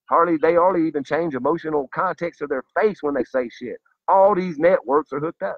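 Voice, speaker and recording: A man's voice: on the high side, fast talker, few pauses, no room sound, dull audio. A man delivering a fired-up, profane, preachy monologue to his viewers. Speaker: vlogger. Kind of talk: impassioned monologue to camera.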